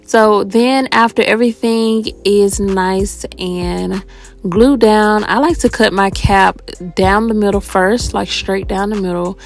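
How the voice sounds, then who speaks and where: A woman's voice: mid-range voice, fairly even intonation, slow, vocal fry, faint music behind. A young woman talking viewers through a hair tutorial in a casual, chatty way, out of breath and tired. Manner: chatty, addresses viewers as y'all.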